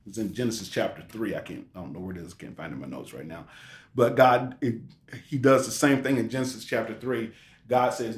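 A man's voice: on the low side, fairly quick. A man giving an informal sermon, talking through scripture in a rambling, conversational way with rhetorical questions. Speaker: preacher. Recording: roomy echo.

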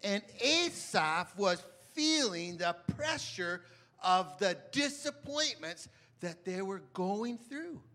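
Male preacher, high and bright timbre, emphatic delivery that swings loud to hushed. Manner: emphatic, dramatic swings from loud to hushed, asks the audience questions. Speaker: pastor. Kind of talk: sermon.

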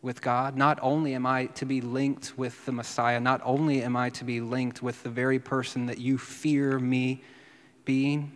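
A man preaching a sermon in a lively teaching style, sometimes falling to a near whisper. His voice sits at a middle pitch. It rings with the long reverb of a large church hall. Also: moderate pace. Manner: teaching, lively, drops to a hush for quotes. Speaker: pastor.

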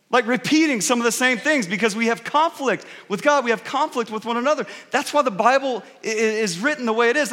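A man's voice: high-pitched, fairly bright tone. A middle-aged man, a pastor, preaching a sermon in a church in a conversational storytelling way and often asking the congregation questions. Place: church sanctuary. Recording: reverberant hall.

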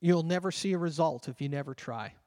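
This is a sermon from a pastor whose voice is high and mellow, echoing through a church sanctuary with long hall reverb. He preaches with earnest conviction, slowing whenever he reads passages of scripture.

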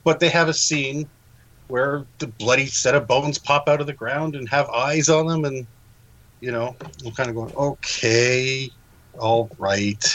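A man's voice: mid-range voice, steady tone, normal speed, a bit bright, rough recording. A man co-hosting a podcast, chatting casually about a film, laughing often and acting out quotes.

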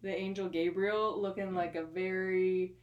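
A woman's voice: lowish voice, level tone, measured pace, muffled recording. Woman co-host, wry and giggly, chatting about books. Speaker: podcast co-host. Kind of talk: casual chat.

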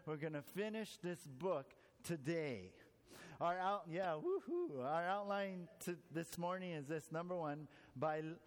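Pastor guy preaching in a church, kinda high voice, long echo off the hall. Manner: earnest, repeats "Lord" through prayer; animated storytelling with voiced quotes. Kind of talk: sermon with opening prayer.

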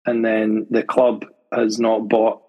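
A man co-hosting a football podcast, making his case in a steady, measured way. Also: lowish voice, muffled recording. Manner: measured, argues a point steadily. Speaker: podcast co-host. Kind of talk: casual football chat. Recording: long reverb on the voice.

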